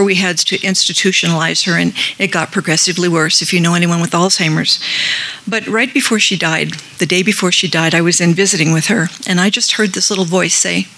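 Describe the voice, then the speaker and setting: A woman's voice: lowish voice, sharp tone, low-quality recording. A middle-aged woman sharing a heartfelt personal story at a support meeting, acting out the voices she quotes. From Colorado. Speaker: group member sharing.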